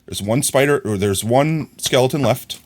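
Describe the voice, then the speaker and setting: A man streaming a video game live, talking to himself in excited, frantic bursts as he plays. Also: medium pitch, normal speed, a little hiss or hum. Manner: excitable, frantic, talks to himself while playing. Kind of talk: live gameplay commentary.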